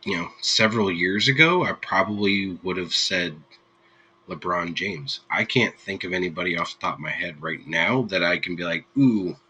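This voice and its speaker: Man, streamer host, husky voice, very bright and sharp, easygoing, rambling. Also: deep voice, normal speed, poor audio. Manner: easygoing, rambling, laughs freely. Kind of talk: casual chat with live viewers.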